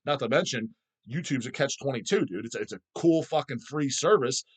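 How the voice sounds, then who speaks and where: A man's voice: medium pitch, animated, a little fast, husky. Man, channel host, profane rant, mocking, mid-range voice. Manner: swears constantly, ranting and mocking.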